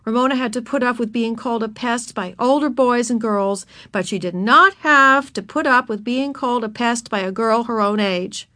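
A woman narrating a children's storybook in an expressive, animated reading. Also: a little high, normal speed, hardly any pauses, no echo.

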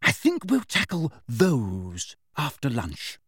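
A man's voice: mid-range voice, wildly swooping pitch, slow pace, a bit bright, breathy edge, no room sound, clean studio sound, exaggerated voice. A man voicing a stern, bossy middle-aged mother who speaks firmly and in a commanding way. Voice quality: firm, commanding.

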